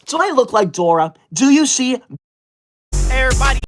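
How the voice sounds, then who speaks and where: A woman's voice: high-pitched, sing-song, moderate pace, a little hiss or hum. Indignant woman scolding her livestream chat. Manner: indignant, scolding chat, reading comments aloud. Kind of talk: casual live stream chat. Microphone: laptop setup.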